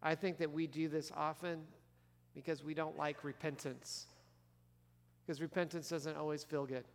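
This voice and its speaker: A man's voice: on the high side, flat delivery, moderate pace, vocal fry. A male pastor preaching a conversational sermon in church, asking the congregation questions as he goes. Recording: long reverb of a large church hall.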